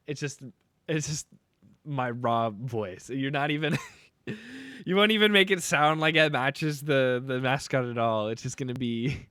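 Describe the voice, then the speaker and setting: A man's voice: on the high side, lively intonation, normal speed, fairly bright tone, dry recording, clean studio sound. A young man chatting casually on a live stream while making beats, joking and rambling playfully.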